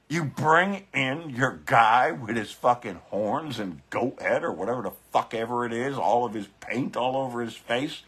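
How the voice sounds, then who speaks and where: Husky, fiery man ranting on a phone. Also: medium pitch, pushed and bright. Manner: fiery, profane, repeats catchphrases, talks to viewers. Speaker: biker vlogger. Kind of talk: profane live-streamed political rant.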